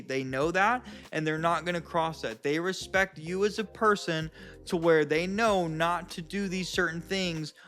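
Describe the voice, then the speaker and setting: A self-help vlogger with a higher, fairly bright male voice talks straight to the camera. His advice is blunt and casual, and he addresses viewers as guys and bro.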